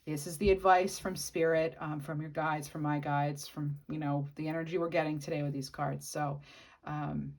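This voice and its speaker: Woman tarot reader, low voice, casual musing delivery. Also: level tone, normal speed, a little mellow. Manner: musing, speaks to the viewer directly. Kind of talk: casual channeled tarot reading.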